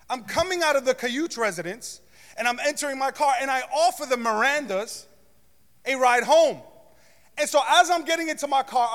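A man preaching a sermon as pastor, telling a comic story with loud shouts and mock gasping. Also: extremely high pitch. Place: church sanctuary. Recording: long hall reverb.

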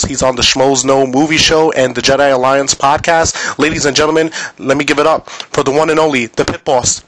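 Fast-talking New York host. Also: male voice, mid-range voice, rough recording. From New York City. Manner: fast, energetic and aggressive-sounding. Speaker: podcast host. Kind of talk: casual interview.

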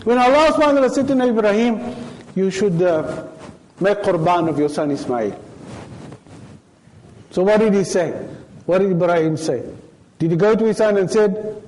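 South African male preacher with a high voice, storytelling sermon style. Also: animated, moderate pace, pauses often, a little mellow, rough recording. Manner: storytelling with rhetorical questions. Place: mosque.

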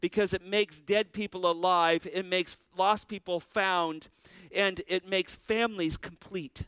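A man's voice: high voice, steady tone, measured pace, fairly bright tone, smooth, no echo, studio quality. A man preaching a sermon as pastor, earnest, with a rising and falling preaching cadence.

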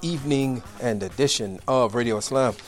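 A man's voice: medium pitch, normal speed, soft background music. Upbeat man hosting a live radio show. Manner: upbeat, chatty, friendly, repeats himself. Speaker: radio talk show host. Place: radio studio.

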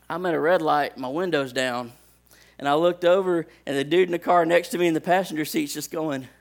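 Folksy pastor telling stories. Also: male voice, fairly high pitch, a little fast, gravelly. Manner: folksy storytelling, animated when acting out scenes. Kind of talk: sermon with personal stories.

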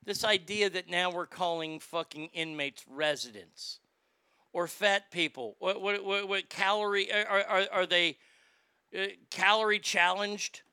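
Profane, indignant ranting man, bright voice. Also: sits high, a little slow, clean tone, dry recording. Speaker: social media commentator. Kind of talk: ranting commentary.

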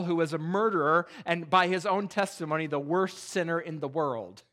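Pastor guy preaching in church, high bright voice, gets animated telling stories. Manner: animated storytelling, voices jokes with rising pitch. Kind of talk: sermon. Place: church sanctuary.

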